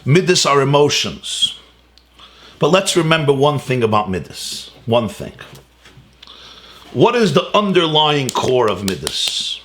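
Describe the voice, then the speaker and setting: Animated man giving a Torah lecture. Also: mid-range voice, unhurried, long pauses. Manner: animated and emphatic, rhetorical questions, repeats key words; mixes Hebrew and Yiddish terms into English. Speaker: rabbi teaching a class.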